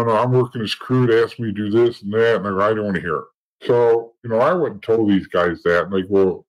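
A man's voice: lowish voice, rough recording. Blunt, swearing man telling a story. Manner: blunt, profane, acts out other people's lines. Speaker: interview guest, former police officer and informant. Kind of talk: casual storytelling in an interview.

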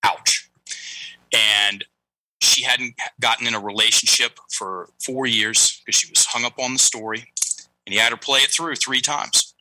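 A man's voice: mid-range voice, steady tone, unhurried, pushed and bright, no echo, poor audio. A middle-aged man telling a story as a coaching guest, animatedly acting out the lines of the people in it. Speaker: guest, breathing and language coach. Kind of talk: storytelling interview talk.

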